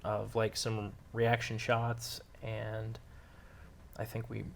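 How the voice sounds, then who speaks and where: A man answering interview questions about making a short film, relaxed and rambling with lots of fillers. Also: on the low side, slow, gravelly, a little hiss or hum. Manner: relaxed storytelling with many fillers. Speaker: filmmaker interviewee.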